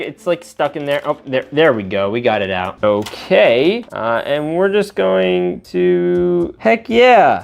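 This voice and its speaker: A young man talks through a toy unboxing in a casual, slangy way, bursting into quick exclamations of surprise. His pitch bounces up and down a lot as he reacts. He keeps a chatty, hyped tone while he builds.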